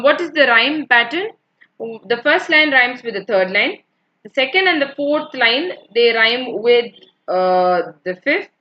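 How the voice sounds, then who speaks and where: This English literature lecturer speaks online in a fairly high voice with a pushed, bright quality. She works through points patiently, repeating them and checking in with students. The recording is muffled.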